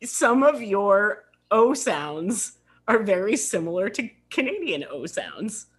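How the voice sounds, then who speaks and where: An American woman co-hosting a podcast in casual chat, wry and quick to laugh. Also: medium pitch, big pitch swings, husky. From United States. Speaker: podcast co-host.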